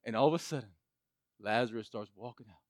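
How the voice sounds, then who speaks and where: A male preacher retelling a Bible story in an animated sermon, with frequent restarts. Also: medium pitch, fast, no echo, clean studio sound.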